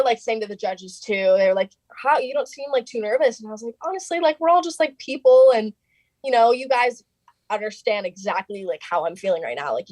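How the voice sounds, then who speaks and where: A young woman talking as a guest on an interview show, chatty and animated, scattering "like" through every sentence and jumping into quoted lines. Her voice sits at an ordinary middle pitch. The sound is close and dry, with no room around it. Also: dry recording. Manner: chatty, fillers of "like" throughout, quoting others in lively bursts. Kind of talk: casual interview storytelling.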